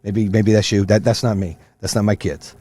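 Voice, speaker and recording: A man's voice: fairly low pitch, fairly even intonation, normal speed, warm tone. A middle-aged man hosting his own podcast, ranting with heavy swearing in a fired-up motivational style. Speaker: podcast host. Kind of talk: profane motivational rant.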